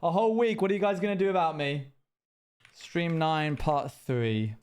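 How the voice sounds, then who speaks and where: A young man chats through a live gaming stream in a fairly high voice. He talks to viewers casually, hamming up an exaggerated, overly polite British manner as he plays. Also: normal speed, a little mellow, smooth. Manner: chatty, puts on an exaggerated posh British accent.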